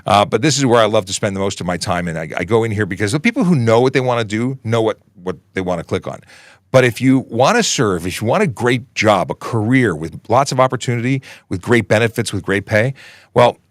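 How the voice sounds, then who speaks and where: A man's voice: fairly low pitch, lively intonation, a little fast, no echo, studio quality. A man in his forties, from Canada, hosting a casual police Q&A livestream in a chatty, upbeat way with rambling asides. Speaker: livestream host, police constable.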